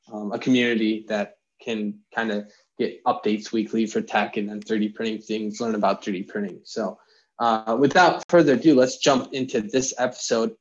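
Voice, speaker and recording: Jokey man podcasting, slightly dull sound. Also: medium pitch. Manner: jokey, laughs often, explains with puns. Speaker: podcast co-host. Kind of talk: casual podcast chat.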